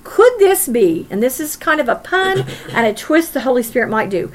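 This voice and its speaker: A woman teaching a Bible study, emphatic, with rhetorical questions and dramatic pauses. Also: high voice, very animated, slight background noise.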